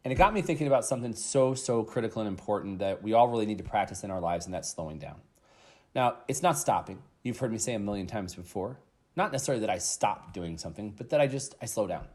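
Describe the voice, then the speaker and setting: Energetic man hosting a motivational podcast. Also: fairly low pitch, quick pace. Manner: energetic, emphatic storytelling with fillers and swearing. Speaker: podcast host.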